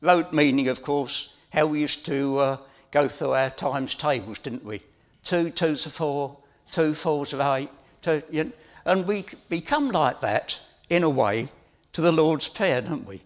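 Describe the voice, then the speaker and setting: Man, middle-aged, preacher, informal sermon, fairly high pitch, very animated intonation, conversational asides. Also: a little slow. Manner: chatty storyteller with asides to listeners.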